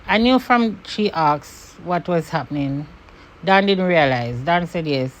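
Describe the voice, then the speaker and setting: Brief: Jamaican woman, low-pitched, vlog storytime, fired up, swears, falls into patois. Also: a little slow, a little hiss or hum. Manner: animated, swearing, slips into patois when angry. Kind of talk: storytime monologue to camera.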